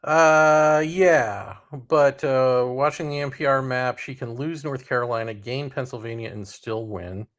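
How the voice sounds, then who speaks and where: A man's voice: medium pitch, a little slow, few pauses, fairly bright tone. A man co-hosting a live podcast, making sardonic, rambling asides about the election. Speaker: podcast co-host. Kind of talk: casual live election chat.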